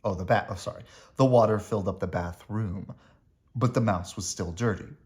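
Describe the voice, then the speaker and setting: A man reading a children's picture book aloud as a bedtime story, with expressive storytelling. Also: lowish voice, moderate pace. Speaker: storybook reader. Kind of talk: children's read-aloud narration.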